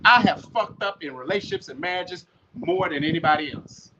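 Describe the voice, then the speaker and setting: Male podcast host, high pitch, blunt profane preachy rant, muffled noisy recording. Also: fairly quick. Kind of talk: ranting monologue. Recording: muffled with loud noise.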